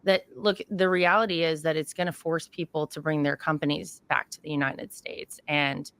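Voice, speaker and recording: A woman answering interview questions with steady, assertive talking points. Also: low voice, moderate pace, smooth, dry recording. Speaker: interview guest.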